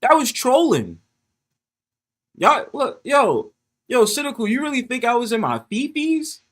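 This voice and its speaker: Animated, profane man. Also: extremely high pitch, measured pace. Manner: animated, profane, often laughing, talks straight to the chat. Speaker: livestream host. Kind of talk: casual livestream chat to viewers. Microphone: phone.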